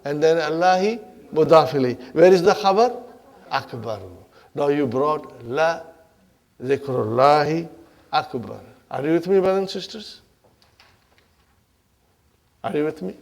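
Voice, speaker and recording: A man teaching an Arabic grammar class, animated and playful, acting out grammar words as characters and often checking in with his students. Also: fairly high pitch, measured pace, gravelly, long pauses. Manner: animated, checks in with the class with frequent "Huh?" and "Are you with me?".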